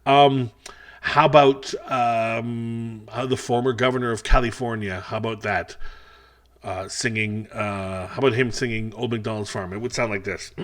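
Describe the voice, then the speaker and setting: A man's voice: medium pitch, fairly even intonation, moderate pace. A middle-aged man doing a stand-up set for a virtual festival, rambling and self-deprecating with a wry edge. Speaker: stand-up comedian.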